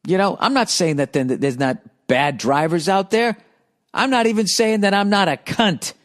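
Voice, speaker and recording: A man's voice: high voice, moderate pace. Profane, exasperated middle-aged man ranting. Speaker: podcast host. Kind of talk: ranting podcast monologue reading listener letters.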